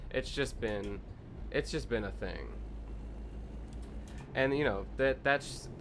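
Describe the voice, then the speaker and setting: A man's voice: medium pitch, slow, noisy background. Rambling young man ranting over gameplay. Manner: rambling, profane, ranting storyteller. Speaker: streamer. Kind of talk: casual gameplay commentary.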